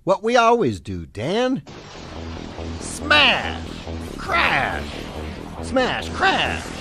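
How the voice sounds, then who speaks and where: A man voicing Jack, an excited young truck who loves smashing things, in a bouncy, shouting storybook voice. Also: high voice, measured pace, over music, voice pushed up, heavily acted. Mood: gleeful.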